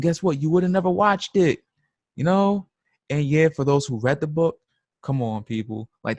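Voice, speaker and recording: A young man ranting bluntly on a live trading stream, with a gravelly rasp in his mid-pitched voice. His slangy, emphatic talk sounds close and dry, with no room around it. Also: no room sound. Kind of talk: casual unscripted rant.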